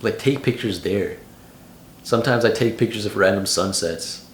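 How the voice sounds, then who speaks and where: A man's voice: fairly low pitch, normal speed, reverberant, slight background noise. A young man in his late teens giving casual vlog advice in a loose, slangy way full of "like". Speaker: vlogger.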